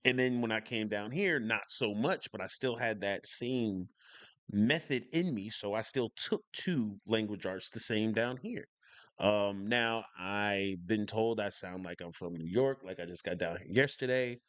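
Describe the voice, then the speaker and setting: A man's voice: fairly low pitch, a little slow, fairly bright tone, no room sound. A man from the northern United States giving casual reaction commentary as a channel host, speaking emphatically and enunciating every word, repeating his points for stress. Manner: emphatic, clearly enunciated, opinionated.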